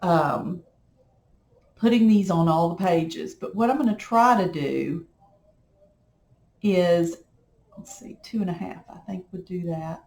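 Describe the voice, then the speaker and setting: Middle-aged woman, folksy chatty manner, slow talk, echoey home room. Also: lowish voice, creaky, darkish tone. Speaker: crafting vlogger. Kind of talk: casual chat while crafting.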